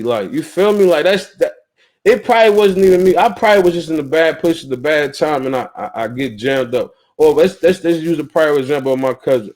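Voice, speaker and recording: A man's voice: mid-range voice, darkish tone. A young man from North Carolina with a Southern accent, hosting a talk show in a blunt, profane way with many restarts. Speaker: podcast host. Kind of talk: casual talk-show monologue.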